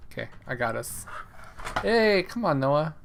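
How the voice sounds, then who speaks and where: A man's voice: fairly high pitch, sing-song, a little slow, gravelly, slight background noise. A man hosting a casual fantasy football livestream from home late at night, playfully chatting to a baby between remarks. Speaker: fantasy football stream host.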